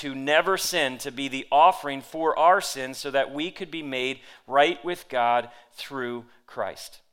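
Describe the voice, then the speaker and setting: A man's voice: mid-range voice, fairly bright tone. A man preaching a sermon to a seated congregation, reading scripture aloud with dramatic emphasis. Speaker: pastor. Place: church hall with audience.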